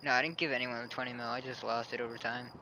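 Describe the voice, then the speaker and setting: A man's voice: medium pitch, flat delivery, quick pace, sharp tone, a little hiss or hum, poor audio. A man joking and teasing friends on voice chat while gaming. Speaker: gamer on voice chat.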